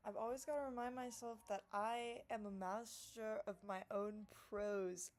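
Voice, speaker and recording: Speaking to camera, a female vlogger delivers a profane, sarcastic rant that swings between loud theatrical outbursts and low mutters. Her intonation stays fairly even, her pace moderate, and she barely pauses.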